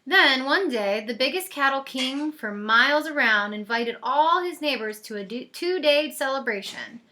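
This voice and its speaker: A woman reading a picture book aloud in a lively, expressive way. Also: high voice, normal speed. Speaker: storyteller. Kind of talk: storybook read-aloud.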